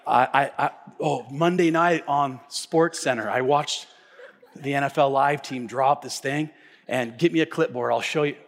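Animated pastor preaching in a reverberant church. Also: male voice, medium pitch, measured pace. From United States. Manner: animated storytelling, swinging from loud to hushed. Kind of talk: sermon. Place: church sanctuary.

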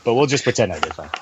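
A man co-hosting a casual podcast, joking crudely and swearing freely. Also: mid-range voice. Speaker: podcast co-host. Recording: audible background noise and typing.

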